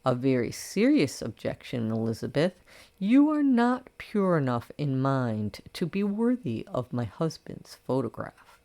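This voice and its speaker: A woman's voice: very deep voice, big pitch swings, a little slow, dark tone, exaggerated voice. A woman reading an audiobook, voicing a wealthy older woman who answers her critics in a dry, self-assured and cutting way.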